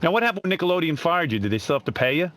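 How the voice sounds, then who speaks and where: A man's voice: on the high side, very animated, very fast, a bit bright, slight background noise. A man hosting a radio talk show, interviewing a guest in a teasing, needling way.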